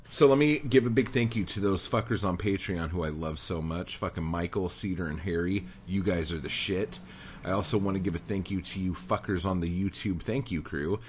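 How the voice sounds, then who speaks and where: A man's voice: deep voice, slightly rough. A man hosting a podcast, swearing constantly through a fired-up, angry rant. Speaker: podcast host.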